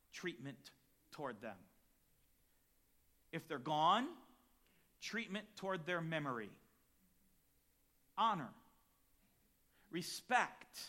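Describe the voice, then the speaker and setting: A male pastor delivering a sermon with a lively, wide-ranging delivery and a bright, forceful tone. He moves between hushed reflection and loud, punchy emphasis, fitting in personal stories along the way. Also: fairly high pitch, slow, pauses often. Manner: dynamic preaching, swings between quiet and loud emphatic lines; storytelling with acted quotes and chuckles.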